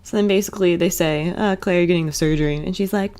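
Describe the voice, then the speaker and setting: A woman's voice: lowish voice, fast, darkish tone. A young woman co-hosting a podcast, chatting casually and giggling as she recaps an episode. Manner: giggly, mocks characters in put-on voices. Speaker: podcast co-host.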